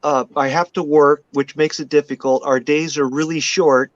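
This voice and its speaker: A man with a slightly raised pitch joins a live online chat show over a video call. He speaks hesitantly, stumbling through fillers and restarts. His audio sounds dry and muffled, like a lo-fi call line. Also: little pitch movement, moderate pace, dry recording. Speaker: regular panelist, drone pilot.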